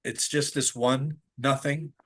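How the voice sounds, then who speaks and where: Animated, rambling male storyteller. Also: mid-range voice, takes it slowly. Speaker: podcast guest. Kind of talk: casual spiritual conversation.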